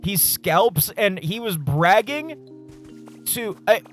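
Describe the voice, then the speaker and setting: A man streaming a game and telling a story in a casual, animated way, swearing and laughing often. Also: high voice, extremely slow, faint music behind. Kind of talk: casual live-stream chat while gaming.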